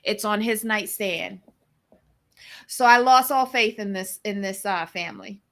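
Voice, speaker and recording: Slow-talking blunt woman co-host. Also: mid-range voice, creaky, fairly bright tone. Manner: blunt, sassy remarks. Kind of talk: live-streamed recap commentary.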